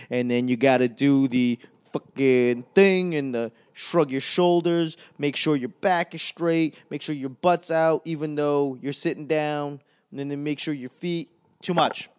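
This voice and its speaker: A man working as a stand-up comedian, talking in a casual, rambling monologue. He swears often, mocks himself, and trails off and restarts his sentences. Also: fairly high pitch. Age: adult. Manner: profane, self-deprecating, trails off and restarts.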